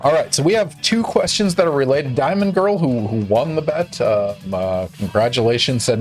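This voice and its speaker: A man's voice: mid-range voice, lively intonation, moderate pace, hardly any pauses, soft background music. A man hosting a gaming stream, chatting casually and curiously and reading out viewer questions. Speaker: stream host. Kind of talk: casual interview chat while gaming.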